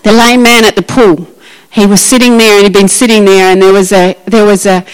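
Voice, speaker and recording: A woman preaching a lively, emphatic sermon and acting out Bible scenes. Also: mid-range voice, a little fast, clear, resonant tone, rough recording.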